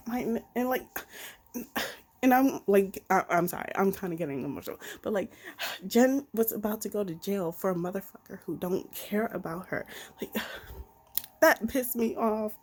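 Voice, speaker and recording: A woman casually reviewing a mystery novel on her channel, excited and expressive, with slang and swearing. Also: medium pitch, normal speed. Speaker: BookTube reviewer. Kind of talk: casual book review vlog.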